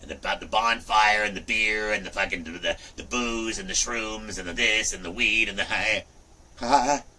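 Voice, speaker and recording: A man in his fifties hosting a livestream, chatting casually in an animated, rambling way, often saying "look" and "you know". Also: fairly low pitch, moderate pace, recorded from a distance, rough recording. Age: 50s. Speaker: livestream host.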